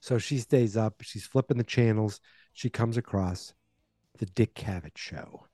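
A man's voice: fairly low pitch, measured pace, mellow, no echo, soft background music. A man in his forties, a podcast host casually retelling a movie plot with wry asides.

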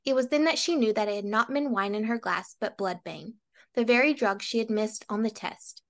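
A woman's voice: a little high, moderate pace. Young woman reading a novel aloud. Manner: dry quips, steady storybook reading. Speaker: book podcast co-host.

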